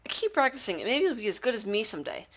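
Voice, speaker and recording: A woman's voice: fairly high pitch, sing-song, quick pace. A woman voicing a smug, bratty teenage girl from a visual novel, reading her lines aloud in a boastful, condescending way. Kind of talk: reading game dialogue aloud in character.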